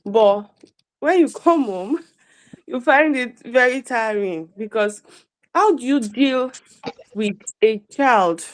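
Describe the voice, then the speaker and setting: A woman's voice: a little high, expressive, slow, poor audio. A mother asking a workshop question, telling a long story about her children with frequent restarts. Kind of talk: casual question on a call.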